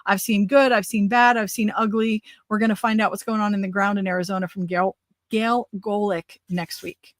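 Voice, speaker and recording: A woman in her forties hosts a political livestream talk show, talking in an energetic, rambling, conversational way while losing her voice. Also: mid-range voice, moderate pace, no room sound. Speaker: host.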